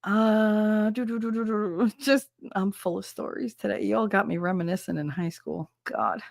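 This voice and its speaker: A woman in her thirties hosts a livestream, telling casual stories to viewers, swearing freely and laughing a lot. Her voice is gravelly and medium-pitched at a normal speed, recorded cleanly in a studio with no echo.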